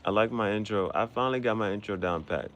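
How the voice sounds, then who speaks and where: A man's voice: on the low side, quick pace, a bit bright, a little hiss or hum. A man hosting his own show, talking in a casual, rambling monologue that repeats itself and drops in foreign words. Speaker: podcast host.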